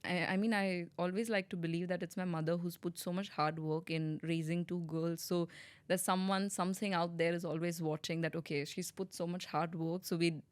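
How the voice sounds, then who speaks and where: Brief: young woman from india, low-pitched, lively storyteller, close dry sound. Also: moderate pace, clear, resonant tone, dry recording. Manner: animated storytelling, acts out quoted voices. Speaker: podcast guest. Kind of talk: casual interview chat.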